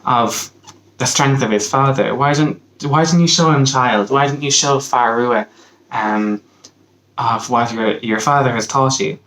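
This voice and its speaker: A man's voice: medium pitch, measured pace, fairly bright tone, close to an everyday voice, poor audio. A man putting on a sweetly sly giant's wife, Irish accent. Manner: sweetly innocent, falsely polite.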